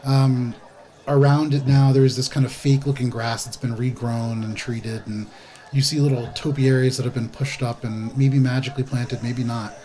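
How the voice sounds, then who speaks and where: A man's voice: medium pitch, little pitch movement, normal speed, mellow. Man narrating as game master. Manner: loose, descriptive, with many fillers.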